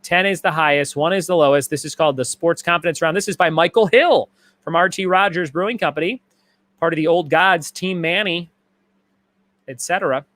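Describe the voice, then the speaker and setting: A man's voice: a little high, a little fast, a bit bright, no echo. Upbeat man hosting a trivia stream. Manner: reads answers and questions in repeated lists. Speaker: trivia host.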